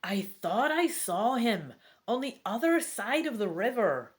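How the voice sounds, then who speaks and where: An earnest young adventurer on a river quest, as a woman reads the part. The voice stays close to her own, with lively swings of pitch and an unhurried pace. Storybook reading, not a full act.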